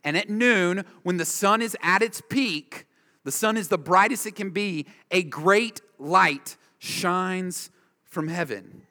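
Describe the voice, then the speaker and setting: Emphatic preacher in an echoing hall. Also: male voice, sits high, slow pace, pushed and bright. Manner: emphatic, driving home points with repeated short phrases. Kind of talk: expository sermon. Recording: long reverb of a large hall.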